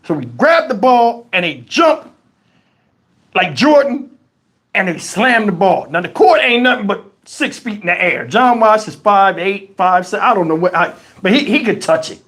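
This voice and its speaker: Animated, high-pitched man telling a story. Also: moderate pace. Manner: animated, profane, acts out voices. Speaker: channel host. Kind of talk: casual storytelling on a live stream.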